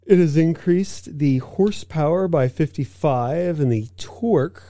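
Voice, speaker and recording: A man's voice: fairly high pitch, unhurried, dark tone, no room sound, clean studio sound. A man co-hosting a casual car-news podcast, reading out news items and making playful asides. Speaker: podcast co-host.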